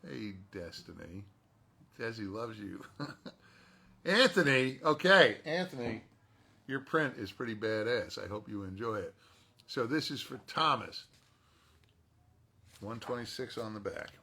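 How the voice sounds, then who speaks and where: A man's voice: on the low side, lively intonation, measured pace, creaky, pauses often, pushed and bright, husky. A male voice actor chatting casually while signing autographs and talking to himself as he works.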